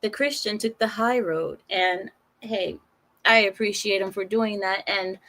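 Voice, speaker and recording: A woman of Arab heritage giving casual news commentary, sarcastic and animated, with rambling restarts. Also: medium pitch, measured pace. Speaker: commentary channel host.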